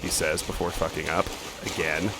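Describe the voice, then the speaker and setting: A man's voice: rumbling low, level tone, moderate pace, heavy background noise. A man hosting a let's play, chatting casually as he plays, thinking aloud and swearing offhandedly. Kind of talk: casual gaming commentary.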